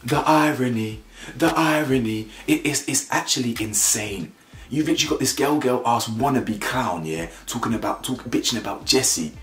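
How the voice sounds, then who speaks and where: A man's voice: moderate pace, reverberant, soft background music. A man ranting about a reality show, blunt and mocking, mimicking the people he talks about. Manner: blunt, mocking, mimics cast members in high voices. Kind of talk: animated opinion rant.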